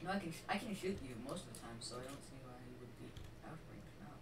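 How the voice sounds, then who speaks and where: A woman playing a tabletop wargame as the opponent, chatting casually with quick, wry replies and loud cries of disbelief. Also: a bass voice, animated, echoey room, heavy background noise. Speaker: opponent player. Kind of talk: casual chat while gaming. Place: home, at a game table.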